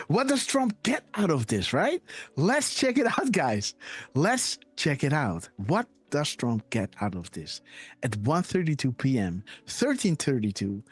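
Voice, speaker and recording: A man hosting a live online show in a casual, excitable way, often laughing and checking in with his listeners. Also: fairly high pitch, husky. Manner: excitable, repeats "guys" and "right?", laughs often. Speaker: livestream host.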